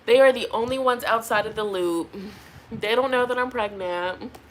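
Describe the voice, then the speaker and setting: A woman's voice: on the high side, normal speed, background noise. A pregnant young woman doing a tarot reading, chatting casually with viewers and laughing often. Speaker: tarot reader.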